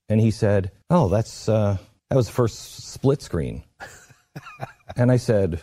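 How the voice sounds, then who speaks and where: A man's voice: lowish voice, expressive, slow, dark tone, dry recording. A middle-aged man telling a personal story in an earnest, emotional way, acting out the voices of the people in it. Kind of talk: storytelling monologue.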